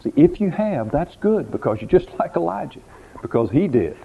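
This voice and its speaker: A man's voice: a little high, sing-song, normal speed, gravelly. A man, a pastor, preaching a sermon, telling a story dramatically and putting questions to the listeners, often repeating words. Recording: tinny phone-like recording, faint hiss.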